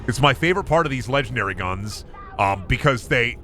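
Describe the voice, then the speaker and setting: A man's voice: mid-range voice, expressive, fairly quick, sharp tone, slight background noise. A man streaming a video game, chatting and swearing casually, often with an upward inflection. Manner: chatty, rambling, swears freely. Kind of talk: casual gameplay commentary.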